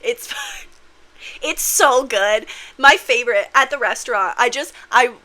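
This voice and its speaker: A woman with a bright, crisp voice talks straight to camera in a loose, opinionated vlog. She is candid and swears freely. She slips into big, acted-out voices when she retells scenes. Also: a little high, measured pace. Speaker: manifestation vlogger. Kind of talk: casual opinionated monologue.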